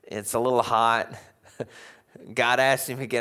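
A man's voice: mid-range voice, level tone, slow pace, long pauses, sharp tone. A man preaching a sermon as pastor, conversational, with wry humorous asides and rhetorical questions to the congregation.

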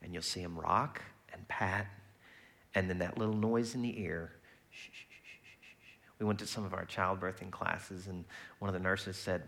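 Bright-voiced, chatty male preacher. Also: deep voice, moderate pace. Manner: conversational and lively, acts out quoted voices. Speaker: pastor. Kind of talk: sermon.

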